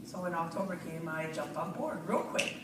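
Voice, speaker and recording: A woman's voice: lowish voice, animated, brisk. A woman giving a nervous, rambling personal testimonial to a live audience, often laughing and restarting her sentences. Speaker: speaker sharing a personal testimonial. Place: large room before a live audience. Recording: echoey hall, distant mic, audience noise.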